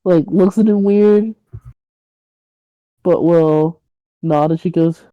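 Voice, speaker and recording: A woman's voice: fairly low pitch, fairly even intonation, slow pace, long pauses, dry recording, dull audio. A woman narrating a tabletop game as game master, casual and rambling. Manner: casual, rambling, with fillers and laughs.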